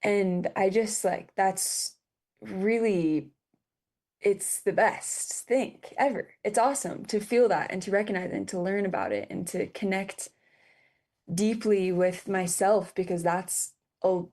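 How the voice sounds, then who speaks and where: Near tears, a young woman in her twenties tells a personal story as a guest on a podcast. She stumbles along with many fillers and false starts, her medium-pitched voice a little mellow.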